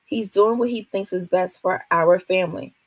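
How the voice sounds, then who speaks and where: A woman reading aloud, voicing a gentle, loving mother with a soft, creamy voice. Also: lowish voice, moderate pace, husky, no room sound. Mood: soothing.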